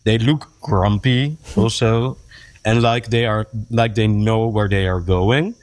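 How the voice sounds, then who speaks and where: A man's voice: fairly low pitch, takes it slowly, no room sound. A man in his thirties with a Dutch accent, a writer recounting a personal journey with many fillers and laughs. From Netherlands. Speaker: interview guest, writer. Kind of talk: personal storytelling.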